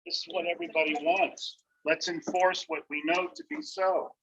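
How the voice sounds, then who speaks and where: A man's voice: a little high, very animated, normal speed, creaky, fairly bright tone, highs cut off. A man in the audience making blunt remarks during a lecture. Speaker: audience member.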